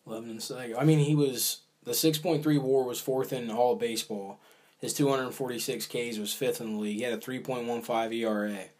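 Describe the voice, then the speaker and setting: A man's voice: mid-range voice, steady tone, a little fast, a little mellow. A man co-hosting a casual sports talk show, rambling and hedging with fillers while he weighs baseball moves. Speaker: podcast co-host.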